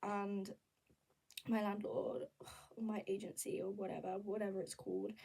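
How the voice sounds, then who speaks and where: A young woman vlogging in a candid, rambling, animated casual chat. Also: mid-range voice, moderate pace, slightly rough, recorded from a distance, low-quality recording. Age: young adult.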